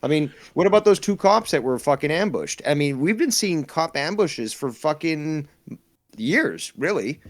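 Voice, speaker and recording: A man on a talk show, rambling and hesitant, his voice dropping quietly as he goes on. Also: fairly high pitch, very animated, moderate pace. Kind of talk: casual talk show banter.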